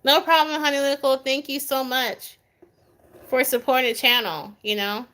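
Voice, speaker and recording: A woman's voice: high voice, fairly even intonation, normal speed, bright, forceful tone. A young adult woman doing a live tarot reading, chatting with viewers by name in a goofy, easygoing way and laughing often. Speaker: tarot reader.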